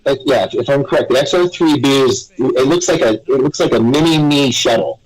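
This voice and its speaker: A man's voice: mid-range voice, brisk, low-quality recording. A man guesting on a live web radio show, telling stories in a rambling, casual way and chuckling between them.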